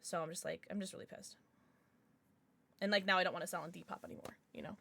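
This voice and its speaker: A woman's voice: fairly low pitch, fairly even intonation, quick pace, creaky, sharp tone, slight background noise. A woman streamer chatting casually on a livestream, rambling with frequent restarts and plenty of swearing.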